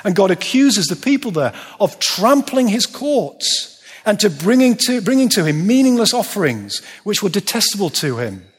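A man preaching a sermon, emphatic, slowing down and dropping low to stress his words. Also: big pitch swings, slightly rough. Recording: long reverb of a large hall.

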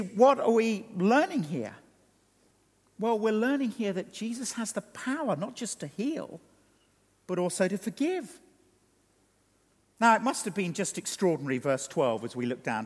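Male preacher, high and very expressive voice, long hall echo; theatrical delivery. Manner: animated, dramatic preaching with wide swings of pitch and loudness. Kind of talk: sermon.

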